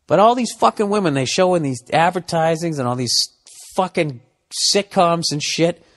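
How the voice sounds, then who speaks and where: Comedian guy ranting, swearing constantly, high-ish voice, plays both sides of a fight. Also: moderate pace. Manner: profane, exasperated, animated; acts out both sides of arguments. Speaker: podcast host. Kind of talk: comedic rant.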